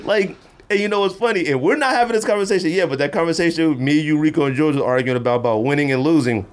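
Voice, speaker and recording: A man hosting a casual podcast, telling a long story in an animated way and acting out the voices he quotes. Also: fast. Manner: animated, acts out quoted voices with big pitch jumps. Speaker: podcast host.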